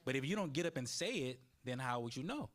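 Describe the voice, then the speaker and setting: Animated man moderating a panel. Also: mid-range voice, fast talker. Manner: animated, acts out quoted people.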